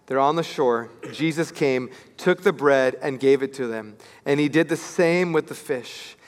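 A male pastor delivers an Easter sermon with a high voice and a long reverb trailing his words. He acts out voices as he tells the story and moves from near-whispers to shouts. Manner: animated storytelling, acting out voices, swinging from hushed to shouting.

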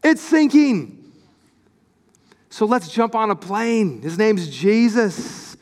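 Pastor, male, high voice, lively sermon delivery, long church reverb. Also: slow pace. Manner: animated, acts out quoted voices, excited.

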